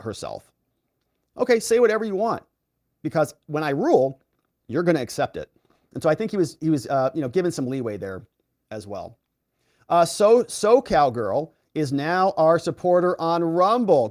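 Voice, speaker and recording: A man with a fairly high, lively voice hosts a live stream, reading out viewer comments and reacting with quick opinions. His pitch swings widely as he talks. The sound is dry and close, with no room around it. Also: dry recording. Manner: animated, reads viewer comments aloud and reacts. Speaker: host reading live chat.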